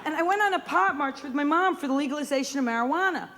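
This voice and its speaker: A woman comedian doing brash, rapid-fire stand-up on a comedy club stage. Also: high-pitched, expressive, noisy background. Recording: live club recording, loud audience laughter.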